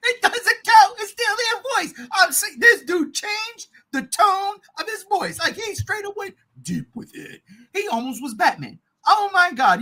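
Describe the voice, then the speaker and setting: A man co-hosting a podcast, chatting casually and excitedly about movies, swearing often and getting loud. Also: very high voice, breathy edge. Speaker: podcast co-host.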